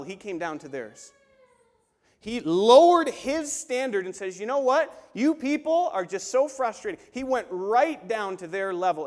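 A man preaching a sermon as a pastor, animated and acting out the voices he quotes. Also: sits high. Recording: long hall reverb.

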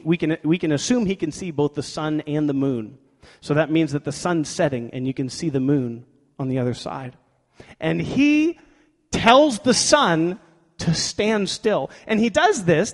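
A man preaching a sermon, telling a story with energy and acting out quoted voices. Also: sits high. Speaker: pastor. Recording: long hall reverb.

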